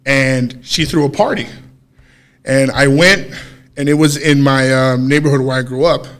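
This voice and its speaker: A man's voice: mid-range voice, normal speed. A man casually telling a long personal story on a podcast, swearing freely and acting out what people said. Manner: animated, profane storytelling with acted-out quotes. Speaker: podcast co-host.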